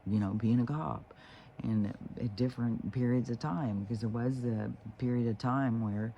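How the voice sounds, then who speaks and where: Gravelly, dark-toned man for a spiritual vlog, rambling and profane, full of fillers. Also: mid-range voice, steady tone, normal speed, highs cut off, slight background noise. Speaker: spiritual vlogger. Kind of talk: casual rambling monologue.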